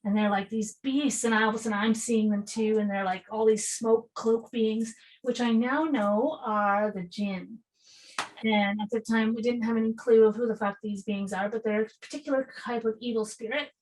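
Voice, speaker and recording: Woman podcast guest, lively storyteller, voice sits a little high, acts out dialogue, swears casually. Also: normal speed, rough recording. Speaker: podcast guest, spiritual healer.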